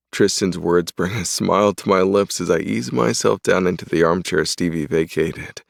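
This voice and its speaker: A man narrating a first-person audiobook chapter in a relaxed, cocky tone. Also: deep voice, normal speed, gravelly, hardly any pauses, no room sound, studio quality.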